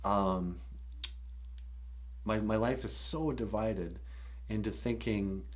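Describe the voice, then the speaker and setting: A man's voice: fairly low pitch, takes it slowly. A man hosting a live stream, casually retelling a story with jokes and lots of fillers. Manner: rambling, joking, many fillers.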